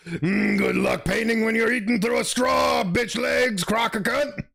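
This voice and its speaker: A man's voice: very high-pitched, fairly even intonation, a little slow, gravelly, fairly bright tone, pitched above the performer's own voice, heavily acted. A man voicing a furious young woman in a game, screaming insults in a raised voice. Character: furious young woman, foul-mouthed and shouting.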